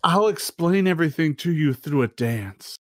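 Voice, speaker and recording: A man voicing a mellow, flighty woman. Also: a little high, animated, no echo, studio quality, close to an everyday voice. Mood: dreamy. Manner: slow, mellow, drifting speech. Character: dreamy, flighty young woman who seems drunk.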